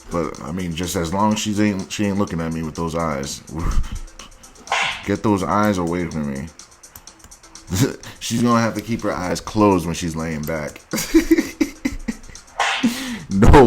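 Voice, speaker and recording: Male dating host, very deep voice, blunt and crude, mocking tone, faint music underneath. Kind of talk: reaction commentary on dating profiles.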